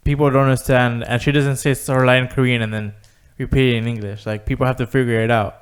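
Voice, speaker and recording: Smooth-voiced laid-back podcast co-host. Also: male voice, medium pitch, little pitch movement, fast. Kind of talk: casual chat.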